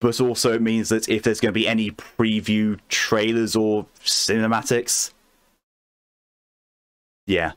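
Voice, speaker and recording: A man streaming a game late at night, chatting calmly with his chat and answering messages in a soothing tone. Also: lowish voice, measured pace, long pauses, no echo. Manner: calm, soothing voice meant to lull viewers to sleep.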